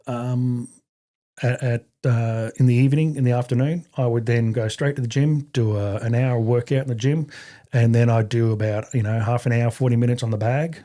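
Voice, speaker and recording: A middle-aged Australian man telling his story as a podcast guest in a halting way, with many restarts and fillers and blunt swearing. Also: mid-range voice, mellow. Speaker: podcast guest, army veteran. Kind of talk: casual conversational storytelling.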